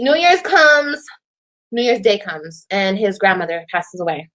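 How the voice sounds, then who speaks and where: A woman telling her side of a breakup on a livestream in an animated, profane way, repeating lines for emphasis. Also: on the high side, normal speed. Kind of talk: casual livestream storytelling.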